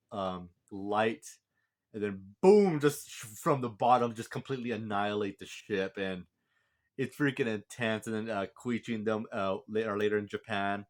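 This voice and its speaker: A man's voice: mid-range voice, fairly bright tone. A man casually reviewing a movie, rambling with lots of fillers and restarts. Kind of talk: casual film review vlog.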